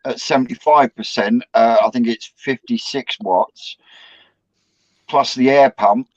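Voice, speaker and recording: A man's voice: mid-range voice, a little slow, dry recording. A man explaining technical details in a plain, matter-of-fact way during a casual group chat on a video call. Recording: dull lo-fi call audio.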